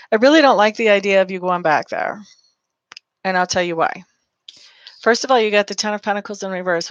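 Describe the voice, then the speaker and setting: A woman with a fairly low voice gives a live-streamed tarot reading in a clean recording with no room sound. She's chatty and affectionate, calling listeners "honey" and reading out viewer comments.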